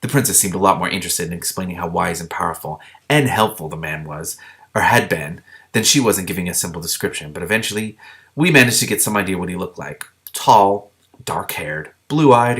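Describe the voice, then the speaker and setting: A man with a low voice reads a fantasy novel aloud, stepping out now and then to add his own remarks. His delivery is steady, with small stumbles that he fixes as he goes. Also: a little fast. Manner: steady reading with small slips and self-corrections. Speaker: book reader. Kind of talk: reading a novel aloud with commentary.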